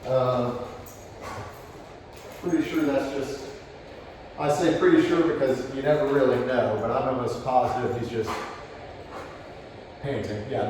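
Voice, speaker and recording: A man working as a dog trainer, explaining each step calmly during a live demonstration and breaking off to praise the dog. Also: mid-range voice, distant mic, background noise. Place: indoors in a home. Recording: echoey room, voice picked up from afar.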